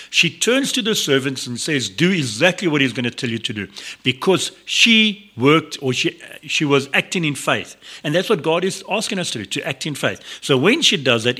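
A radio presenter gives a devotional talk in a bright, forceful voice that's fairly high and slightly rough. He speaks earnestly and conversationally, frequently restarting sentences and pausing for asides.

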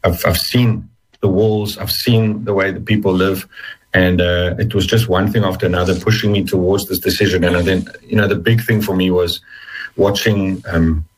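Husky low-voiced man, earnest and halting. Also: steady tone, rough recording. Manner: earnest, halting, with frequent restarts. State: emotional, near tears. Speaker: interview guest. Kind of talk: personal testimony in an interview.

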